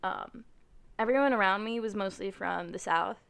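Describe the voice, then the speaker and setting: Young woman on a podcast, lots of ums, kinda hesitant, fry in her voice. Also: mid-range voice, normal speed, fairly bright tone. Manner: hesitant, starts lines with "um". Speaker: podcast co-host. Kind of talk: casual chat.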